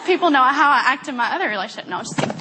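A woman's voice: high voice, lively intonation, crowd noise, background noise. A young woman giving a rambling, self-deprecating testimony talk at a church gathering. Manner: chatty, rambling, self-deprecating and quick to laugh. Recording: long reverb of a hall.

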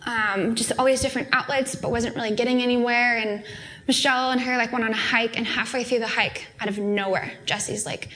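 A woman's voice: on the high side, fairly even intonation, a little fast, fairly bright tone, a little hiss or hum. A young adult woman speaking at a student fellowship, giving an earnest, heartfelt sermon in a casual, conversational way. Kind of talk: conversational sermon with a personal story.

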